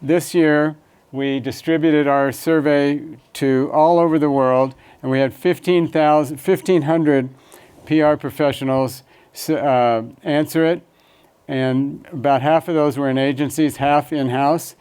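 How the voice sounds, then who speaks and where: Smooth-voiced man hosting an event. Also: fairly high pitch, fairly even intonation, unhurried, a little mellow. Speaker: symposium host. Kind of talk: event introduction.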